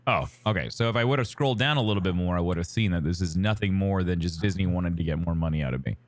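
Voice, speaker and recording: A man's voice: low-pitched, quick pace, no room sound. A man co-hosting a casual podcast, wry and teasing, rambling through his thoughts. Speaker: podcast co-host.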